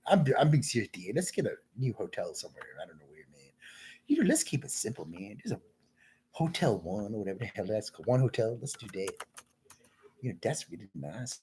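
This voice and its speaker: A man's voice: lowish voice, darkish tone, a little hiss or hum. A man talking in a rambling solo monologue, drifting from thought to thought and calling the listener "man.".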